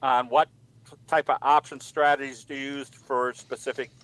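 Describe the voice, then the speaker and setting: A man presenting in a trading webinar, talking in a relaxed way and telling a joke, with some ums. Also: mid-range voice, normal speed, low-quality recording. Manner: relaxed storyteller with frequent ums. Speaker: trading educator, guest presenter.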